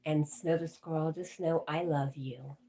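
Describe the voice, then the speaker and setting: Chatting warmly with her livestream viewers, this host reads their comments aloud and responds casually. She speaks at a measured pace in a low, steady, mellow voice.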